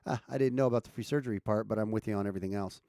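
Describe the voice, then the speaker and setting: A man's voice: lowish voice, racing, creaky, warm tone, dry recording, clean studio sound. An American man hosting a casual livestream, chatting loosely and reading viewers' comments with frequent restarts and chuckles. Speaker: livestream host.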